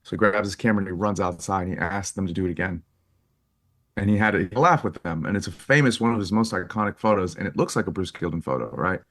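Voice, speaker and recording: A man with a fairly low voice tells stories as a podcast guest. He talks in an animated, lively way, jumping up in pitch when he acts out what people said, and he laughs often as he goes. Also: fast talker. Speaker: guest photographer. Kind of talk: casual interview storytelling.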